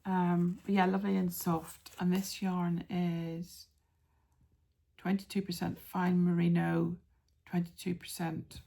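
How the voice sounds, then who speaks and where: A woman hosting a craft podcast, chatting casually with many ums and soft asides as she shows yarn and patterns. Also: on the low side, little pitch movement, slow pace, vocal fry.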